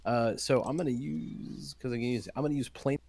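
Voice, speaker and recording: A man playing in a tabletop game, animated and joking, trash-talking the monsters. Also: mid-range voice, fairly quick. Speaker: player. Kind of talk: casual tabletop game chat.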